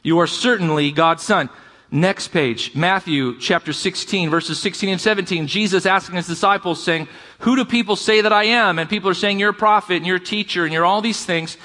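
Delivering his sermon fairly quickly, this pastor has a high, ringing, bright voice. His tone is conversational as he checks in with his congregation along the way, with a big hall's long reverb audible.

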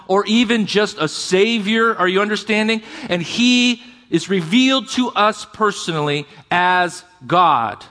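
A male pastor with a high, bright, ringing voice preaches a sermon. He keeps it conversational and checks in with his congregation as he goes. The sound carries the long reverb of a large hall.

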